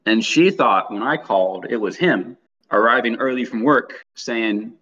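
A man's voice: mid-range voice, measured pace, pushed and bright, slightly rough. A young man casually telling a rambling anecdote to co-hosts, often restarting his sentences. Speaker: podcast co-host. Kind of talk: casual storytelling. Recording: dull lo-fi sound.

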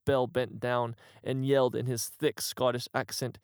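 A man narrating an absurd comic story in a mock-grand, deadpan manner. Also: medium pitch, unhurried, hardly any pauses, no echo, studio quality.

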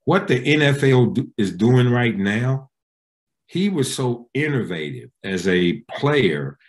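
A man's voice: expressive, slow pace. A man, a pastor, answering interview questions in an emphatic, preacherly way. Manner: emphatic, preacherly, with wide pitch swings.

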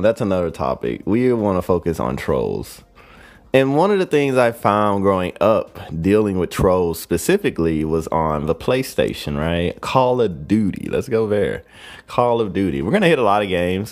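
A man's voice: deep voice, a little mellow. A young man hosting a podcast, telling a story in a rambling, profane way and adding "right?" after nearly every phrase. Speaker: podcast host. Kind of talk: casual solo monologue.

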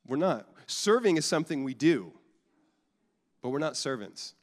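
Pastor preaching in a reverberant hall. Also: male voice, fairly high pitch, big pitch swings, moderate pace. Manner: conversational, jokey, repeats and restarts often. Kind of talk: sermon. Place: church sanctuary.

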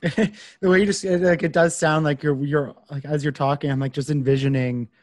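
A man's voice: on the high side, steady tone, normal speed, darkish tone, no echo. Casual male host, rambling, filler-heavy, dry recording. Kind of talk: casual chat.

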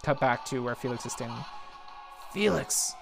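A woman's voice: extremely low pitch, moderate pace, over music. A woman narrating a game playthrough in a casual, chatty way, reading the dialogue aloud.

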